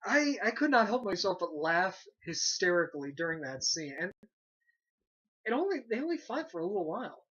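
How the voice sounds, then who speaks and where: An animated, sarcastic young man riffs through a casual movie review, swearing offhandedly as he mocks what he watched. The sound is dull and lo-fi. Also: high-pitched, brisk, slightly rough. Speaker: movie reviewer, site host.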